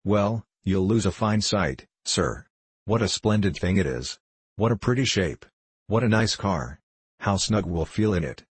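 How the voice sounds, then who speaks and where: A cheerful, devoted young manservant, as a narrator puts him on, earnest and eager in every word. The voice is low and a little husky, recorded close and dry for a storybook reading. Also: male voice, expressive, unhurried, dry recording, heavily acted. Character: cheerful loyal young male servant.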